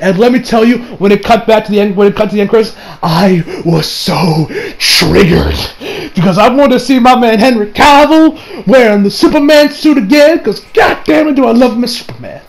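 Excitable high-voiced young man ranting. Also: quick pace, few pauses. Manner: rambling, excitable, swears, acts out quotes in high voice. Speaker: movie reviewer. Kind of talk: casual spoken movie review.

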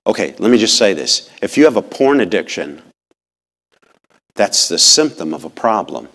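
A man preaching a lively sermon in a church. His pitch swings widely, rising high when he presses a point and dropping low and quiet at others. He talks folksy and direct, questioning the congregation. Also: normal speed. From rural upbringing. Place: church sanctuary.

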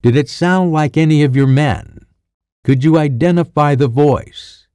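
A man voicing a blunt, practical male soldier in an audiobook, speaking gruffly. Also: a little high, measured pace, mellow, no echo, clean studio sound, pitched above the performer's own voice, natural voice. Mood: doubtful.

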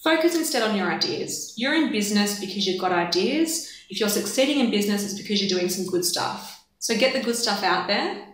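A woman, a guest on an interview, giving marketing advice in a relaxed, chatty way. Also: mid-range voice, brisk, a little hiss or hum. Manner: relaxed, chatty, laughs easily. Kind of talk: casual interview chat. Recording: echoey room.

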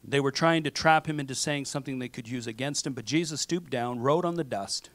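This pastor speaks a little quickly in a mid-range, fairly bright voice, with no echo in the church sanctuary. He preaches conversationally, frequently saying "okay?" and dramatizing what people say to themselves.

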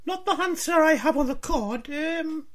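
A man's voice: extremely high pitch, normal speed, a bit bright. A man putting on a cheeky, upbeat male TV presenter hosting a radio quiz comedy sketch. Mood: chirpy teasing. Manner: chirpy, teasing. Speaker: quiz show host.

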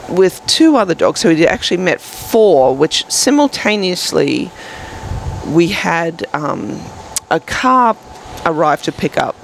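A woman's voice: on the low side, big pitch swings, takes it slowly, vocal fry, a little hiss or hum, low-quality recording. A woman co-hosting a podcast, telling a long rambling story in casual chat with many fillers. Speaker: podcast co-host.

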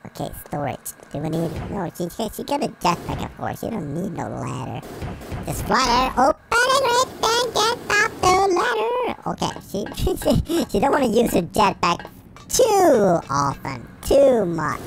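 A performer voicing an excitable male cartoon chipmunk gamer through a sped-up high voice filter, giving squealing game commentary. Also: unhurried, creaky, poor audio. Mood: mock-serious. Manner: squealing, giggly, exclaims constantly. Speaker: let's play commentator. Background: game music.

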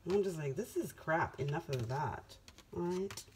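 Speaking casually and spiritually, a woman with a low voice reads tarot cards for her audience at a normal speed. She's emphatic, circling back to the same phrases for effect, while a steady noisy background with clicks runs beneath her voice.

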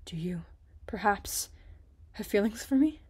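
A gentle young pirate captain, read by a woman. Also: medium pitch, expressive, unhurried, husky. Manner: gentle, hushed.

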